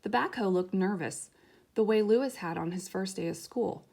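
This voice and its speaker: A woman reading a children's picture book aloud in a gentle, soft, unhurried way. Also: medium pitch, gravelly. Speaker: storyteller.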